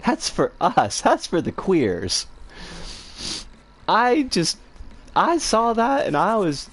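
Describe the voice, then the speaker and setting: This is livestream chat from a middle-aged streamer responding to viewers, full of exasperated, profane ranting punctuated by sighs and laughter. The husky, medium-pitched voice swings wildly in pitch, moving slowly with long pauses.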